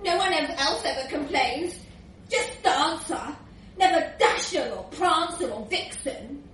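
A woman's voice: high-pitched, animated, a little slow. A woman voicing a boastful, laddish male reindeer who turns whiny when cornered. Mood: sulky. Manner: loud, boastful, laughing through lines. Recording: echoey room, distant mic, faint hiss.

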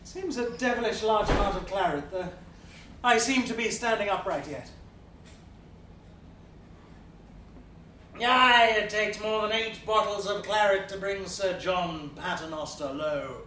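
An actor playing a drunken, boastful but remorseful middle-aged gentleman of the eighteenth century, in a theatrical monologue swinging between bluster and hushed brooding. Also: sits high, normal speed, a little hiss or hum. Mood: boisterous. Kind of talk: dramatic monologue. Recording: roomy, distant mic.

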